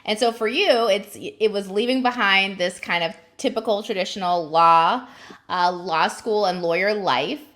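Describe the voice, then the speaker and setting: A woman hosts a podcast interview in an easy, conversational voice at a middle pitch. She thinks out loud, reflective and affirming, building her questions slowly as she speaks. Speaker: podcast host.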